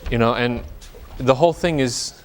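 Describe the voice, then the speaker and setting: A man's voice: medium pitch, normal speed. A man leads an opera workshop rehearsal, coaching his singers in a chatty, joking way that wanders into anecdotes. His voice sits in an ordinary middle register. A faint hiss runs underneath. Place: rehearsal room.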